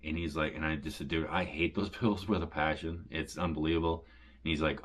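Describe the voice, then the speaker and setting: A man with a very low, deep voice talks casually to his viewers about recovering from back surgery. He rambles along, padding sentences with "and stuff" and retelling what people said to him. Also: level tone, a little fast, fairly bright tone. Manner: rambling, repeats "and stuff" and "he says", retells conversations. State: recovering from back surgery, occasional pain when coughing. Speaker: homestead vlogger.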